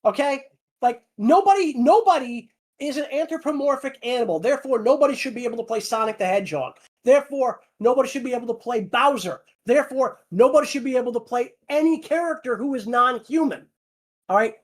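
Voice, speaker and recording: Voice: high voice, animated, a little fast. A voice actor on a livestream Q&A, ranting heatedly with lots of swearing and repeated words. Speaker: voice actor on a fan channel. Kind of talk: livestream Q&A rant.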